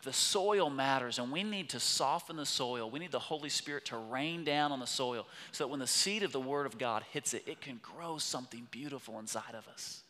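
Pastor preaching hard, bright forceful voice, loud bits then whispers, big echoey church. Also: male voice, mid-range voice, normal speed, few pauses. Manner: impassioned, swings from loud emphatic peaks to hushed whispers. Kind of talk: sermon. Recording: long hall reverb.

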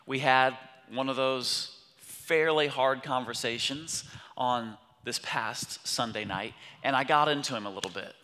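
Male preacher, lively storyteller, bright forceful tone, hall reverb. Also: mid-range voice, unhurried. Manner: animated, acts out quotes of his son. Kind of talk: sermon storytelling.

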